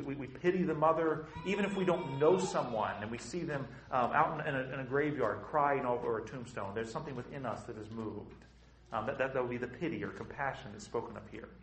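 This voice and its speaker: A man's voice: medium pitch, roomy sound, slight background noise, low-quality recording. A man preaching a sermon with impassioned, emphatic, repetitive phrasing.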